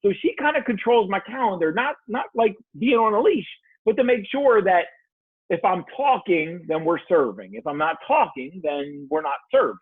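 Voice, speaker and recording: A man speaks as a guest in a casual podcast conversation. His voice sits high and husky and swings widely as he tells stories, swearing freely. The sound is dry and squeezed through a narrow, phone-like line. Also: normal speed, dry recording. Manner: animated storyteller, swears freely. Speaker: leadership coach guest.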